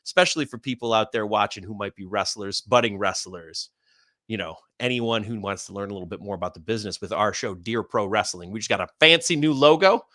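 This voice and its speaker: A man's voice: lowish voice, brisk, pushed and bright, dry recording, clean studio sound. A man co-hosting a casual wrestling livestream, rambling cheerfully through plugs and schedules. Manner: upbeat, rambling plugs with laughs. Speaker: podcast co-host and wrestler.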